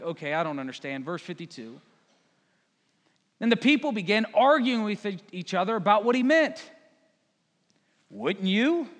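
A man with a high voice preaches a sermon in a large hall, and his words ring out with a long reverb. He talks conversationally, slipping into quick voices for the crowd and for Jesus. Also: a bit bright. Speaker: pastor.

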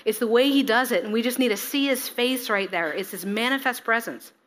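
Bright, expressive woman preaching. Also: on the high side, brisk. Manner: expressive, acts out scripture figures, laughs at herself. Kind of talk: sermon with scripture reading.

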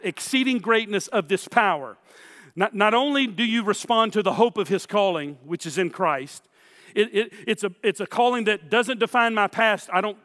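A man's voice: high-pitched, a bit bright, long reverb tail. A man preaching a sermon as pastor, emphatic, with repeated phrases, speaking straight to his listeners.

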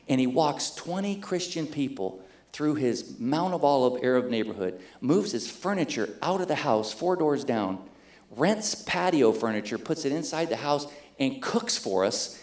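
During a sermon, a middle-aged pastor tells a story with animation, acting out the voices of its characters. He speaks at a medium pitch and moderate pace in an echoey room.

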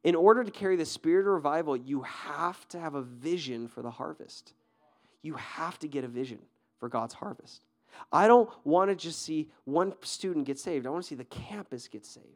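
A man preaching a sermon as pastor, energetic and conversational, often asking the crowd questions and restarting his sentences. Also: fairly high pitch, normal speed. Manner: fillers and repeated restarts.

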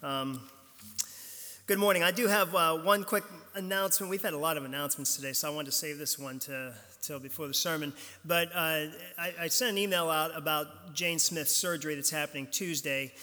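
A pastor preaches a sermon in conversational style through a pulpit mic, with long hall reverb from the church. His voice is on the high side, a little fast, and sharp in tone.

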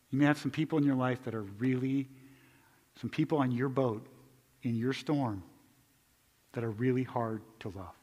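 A male pastor preaching a conversational sermon, moving between loud emphatic stretches and hushed quiet ones. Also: mid-range voice, in a large hall.

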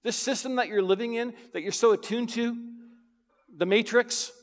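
A man preaching a sermon as pastor, emphatic, swinging between loud urgent lines and hushed ones. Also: very high voice, normal speed, long reverb tail.

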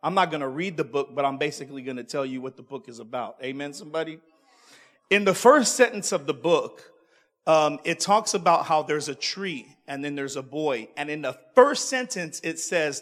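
A man's voice: on the high side, animated, moderate pace, a bit bright, in a large hall. A male preacher delivering a sermon, calling out to the congregation and repeating himself as he goes. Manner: call-and-response, stumbling repeats.

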